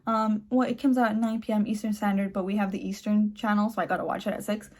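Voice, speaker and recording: A woman's voice: mid-range voice, little pitch movement, quick pace, a little mellow. A young woman chatting casually and enthusiastically in a home vlog, recorded on a phone late at night, full of fillers like "like" and "um". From Mexican heritage. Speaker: channel host.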